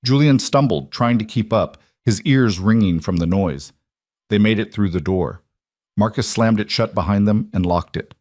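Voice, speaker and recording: A man giving tense, measured scripted audiobook narration of a crime thriller. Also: fairly low pitch, darkish tone, dry recording, studio quality.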